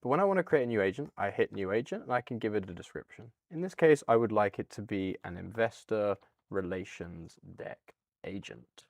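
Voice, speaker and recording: A man with a British accent hosting a casual, upbeat software walkthrough, chatty with a few fillers. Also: lowish voice, animated, a little fast, creaky, no room sound. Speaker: product demo host.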